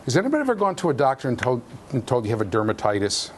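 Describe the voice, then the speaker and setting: A man giving a university lecture in an animated, jokey way, with sudden loud outbursts. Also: medium pitch, racing, a little hiss or hum. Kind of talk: classroom lecture. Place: lecture hall.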